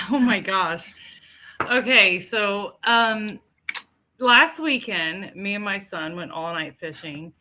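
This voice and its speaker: A middle-aged woman co-hosts a podcast, telling a story casually and with lots of energy, laughing often and acting out what people said. Her voice is mid-range and she takes her time.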